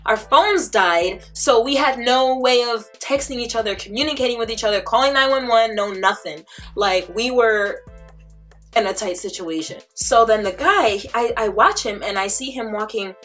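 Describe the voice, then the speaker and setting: A woman vlogger telling a story casually, animated and dramatic, with lots of "like" fillers. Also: a little high, moderate pace, faint music behind. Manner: chatty, filler-heavy.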